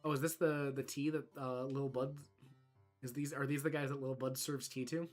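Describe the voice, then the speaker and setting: A streamer giving relaxed, chuckling commentary during a video game playthrough. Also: mid-range voice, normal speed, soft background music.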